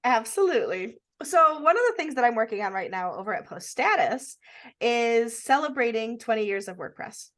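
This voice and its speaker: A woman's voice: a little high, animated, moderate pace, a bit bright. A woman co-hosting a podcast in casual chat, talking in a chatty, sing-song, self-deprecating way. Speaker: podcast co-host.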